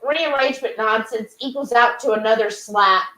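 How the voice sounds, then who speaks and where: A woman's voice: fairly high pitch, moderate pace, poor audio. A woman co-hosting a casual livestream, chatting and reading viewer comments aloud. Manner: reads chat messages aloud, chatty and animated.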